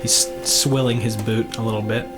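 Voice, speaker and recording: A man narrating as dungeon master of a tabletop game, halting with fillers and laughing often. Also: lowish voice, level tone, loud music behind the voice.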